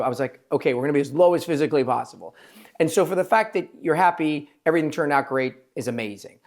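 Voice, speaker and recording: A man, a plastic surgeon hosting a podcast, talking in an emphatic, rambling way and quoting his patients in quick asides. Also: a little high. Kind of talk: casual interview chat.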